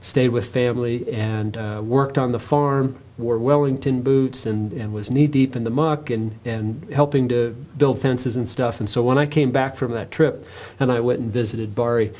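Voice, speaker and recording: An American man, an author, talking about himself in an interview, telling stories in a relaxed, self-mocking way with fillers. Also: mid-range voice, moderate pace. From United States. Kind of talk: interview monologue, telling anecdotes.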